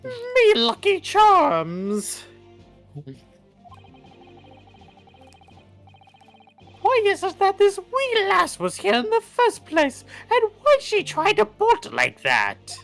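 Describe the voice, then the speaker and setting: A woman's voice: very high-pitched, huge pitch swings, a bit bright, soft background music, heavily acted. Woman doing a hammy leprechaun-like Irish geezer. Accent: put-on Irish. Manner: hammy, drawn-out storytelling. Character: boisterous older Irish leprechaun-like man. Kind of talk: fan dub voice acting.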